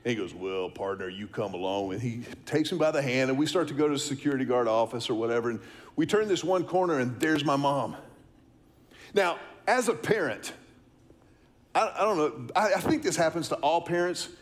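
A man's voice: fairly high pitch, lively intonation, brisk. A middle-aged man, preaching a sermon, telling a story and asking the congregation questions. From Texas, US. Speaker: pastor.

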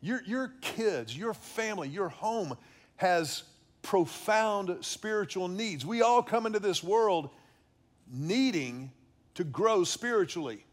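A middle-aged man preaches slowly on fatherhood in a high, animated voice. His faith-based teaching is earnest, and he often repeats and restarts words.

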